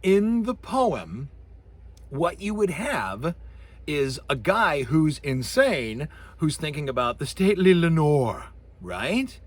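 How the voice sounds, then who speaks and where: Animated husky-voiced man lecturing. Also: on the high side, takes it slowly, no echo. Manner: animated, jokey, acts out sounds and voices. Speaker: college communications professor. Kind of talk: recorded lecture.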